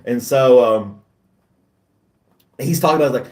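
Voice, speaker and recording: A man's voice: medium pitch, a little slow, reverberant, recorded from a distance. A middle-aged man hosting a casual chat, talking in a chatty, self-deprecating way and laughing often. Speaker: host.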